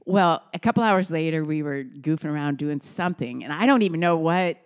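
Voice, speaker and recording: A middle-aged woman talks through family stories at a kitchen table, her voice sitting a little low. she chats easily and jumps up high whenever she quotes someone. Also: expressive, brisk. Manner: warm, chatty storyteller who acts out quotes in a high voice. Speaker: host. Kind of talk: casual storytelling.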